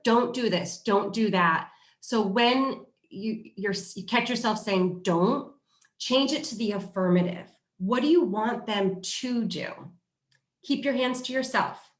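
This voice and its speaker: A woman hosting a parenting workshop, talking in a lively way and acting out what parents and children say. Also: mid-range voice, roomy sound.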